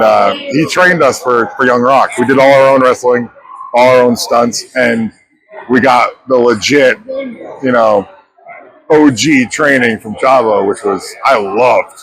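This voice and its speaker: A man, an actor in his thirties, telling stories in a lively way as an interview guest at a convention, acting out the dialogue he quotes. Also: medium pitch, measured pace, low-quality recording. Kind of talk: animated storytelling interview. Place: pop culture convention.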